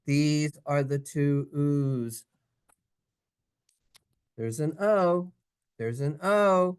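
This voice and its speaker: Playful, slow-paced Hebrew reading teacher. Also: medium pitch, clear, resonant tone. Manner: playful, sing-song, acts out sounds and little characters. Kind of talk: classroom reading lesson. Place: synagogue classroom.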